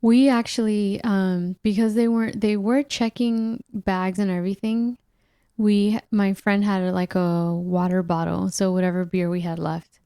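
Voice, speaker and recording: A woman's voice: mid-range voice, fairly even intonation, a little slow, warm tone, smooth, no echo, clean studio sound. A woman chatting casually on a podcast, giving short replies and laughing easily. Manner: brief backchannels, laughing easily. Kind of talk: casual chat.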